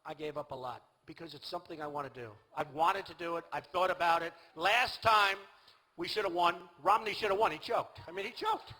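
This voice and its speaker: Boastful raspy older man at a rally. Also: fairly high pitch, a little fast, bright, forceful tone, rough recording. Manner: boastful, rambling, repetitive. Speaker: political candidate at a rally. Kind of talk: rally speech. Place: large outdoor rally venue.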